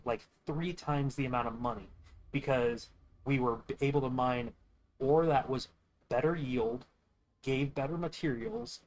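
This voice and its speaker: A man's voice: mid-range voice, poor audio. A young man streaming games and telling a long rambling story in a casual, profane way, quoting others as he goes. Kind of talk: casual storytelling while gaming.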